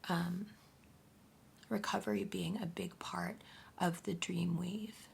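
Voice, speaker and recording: A woman giving a casual astrology reading to camera, blunt and profane, often talking in a soft half-whisper. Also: fairly low pitch, steady tone, takes it slowly, vocal fry, pauses often, slight background noise. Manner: blunt and profane, addressing the viewer directly. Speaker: astrology reader.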